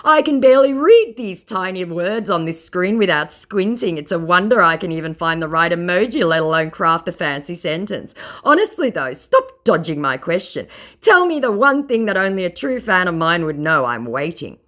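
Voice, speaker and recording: A woman's voice: fairly low pitch, very animated, normal speed, fairly bright tone, voice pushed up. A woman voicing a smug, pushy male scammer posing as a famous rocker, in an exaggerated, sing-song mocking tone.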